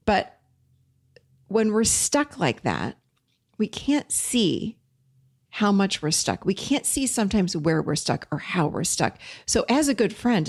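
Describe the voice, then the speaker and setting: A woman's voice: medium pitch, slightly rough, dry recording, clean studio sound. A woman hosting a casual talk to listeners, speaking emphatically and repeating key phrases for weight. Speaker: podcast host and teacher.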